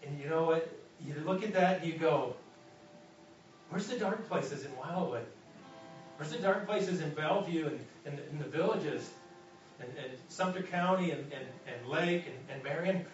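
A man preaches a sermon in a very echoey sanctuary, heard from some distance through a dull, muffled pickup. His voice sits a bit high, and he stumbles and restarts often before building into urgent calls to his listeners. Soft music plays quietly underneath. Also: expressive. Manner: halting with many restarts, rising to urgent exhortation. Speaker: pastor. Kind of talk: sermon with story and closing prayer. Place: church sanctuary. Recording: roomy distant church PA recording, dull.

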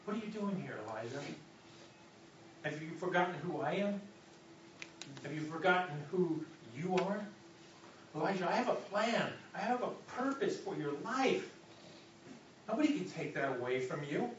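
A male pastor preaching a sermon, moving between loud urgent passages and soft hushed ones. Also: high voice, lively intonation, normal speed, long pauses, distant mic, a little hiss or hum. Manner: dynamic preaching, drops to a soft hush for God's voice. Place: church hall. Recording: echoey, muffled hall recording from afar.

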